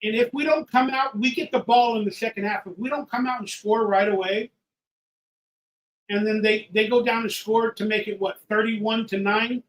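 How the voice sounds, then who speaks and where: A tipsy man hosting a live watch-party stream, ranting and swearing, swinging from loud outbursts to low mutters. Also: fairly even intonation, normal speed, a little hiss or hum, poor audio. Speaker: livestream host. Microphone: headphones with mic.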